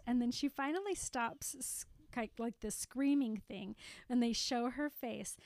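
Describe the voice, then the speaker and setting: High-voiced woman recapping slowly. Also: a little mellow, dry recording. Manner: chatty, laughs while retelling. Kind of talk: casual chat, retelling a movie scene.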